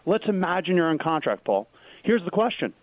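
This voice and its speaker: A man co-hosting a call-in advice radio show, his fairly high voice coming through a thin, phone-like band. He explains step by step and asks rhetorical questions that he answers himself. The sound is dry, with no room around it. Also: sing-song, a little fast, no room sound. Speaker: radio co-host, real estate expert.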